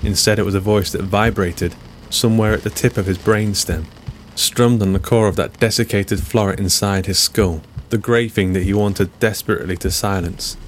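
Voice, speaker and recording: A man narrating his own written story in a wry, deadpan way, with music playing behind. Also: on the low side, normal speed, a little hiss or hum. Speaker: author and narrator.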